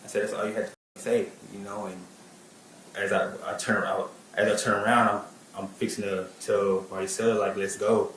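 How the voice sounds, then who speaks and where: Halting low-voiced man giving testimony. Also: little pitch movement, a bit bright, echoey room, slight background noise, poor audio. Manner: halting, many fillers and restarts. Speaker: witness. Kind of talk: testimony and recounting.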